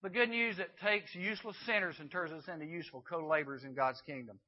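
A man's voice: a little high, fast talker. A man preaching a sermon to a youth group, telling a Bible story and acting out the characters in dialogue. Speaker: youth speaker. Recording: dull lo-fi recording.

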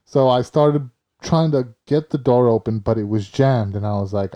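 A man telling a story in casual chat, animated and acting out other people's lines. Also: mid-range voice, moderate pace. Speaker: storyteller recounting a car crash.

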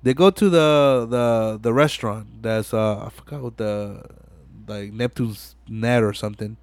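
A young man hosting a casual podcast, retelling movie scenes in an animated way and acting out the dialogue with lots of swearing. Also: on the low side, a little slow, no echo. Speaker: podcast host. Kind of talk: casual chat.

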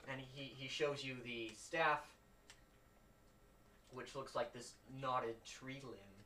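A man's voice: medium pitch, steady tone, slow, sharp tone. A man narrating as game master in a rambling, laughing way. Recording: roomy, distant home mic with faint noise.

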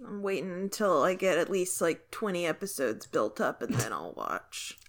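A woman co-hosting a podcast in casual chat, dropping dry, quick quips. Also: fairly low pitch, very animated. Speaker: podcast co-host.

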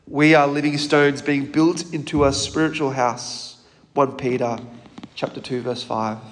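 A man preaching a sermon in a church, measured and emphatic, asking the congregation questions. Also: fairly high pitch, long reverb tail.

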